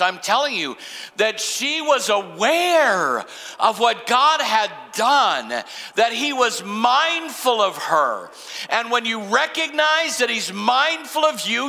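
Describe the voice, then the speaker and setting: An older man preaching a sermon as pastor, slowing down for emphasis with dramatic pauses. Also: very high-pitched, vocal fry, bright, forceful tone. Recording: long hall reverb.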